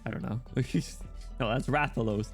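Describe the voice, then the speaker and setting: Quick joking male streamer. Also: mid-range voice, gravelly, soft background music. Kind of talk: casual live-stream story reading.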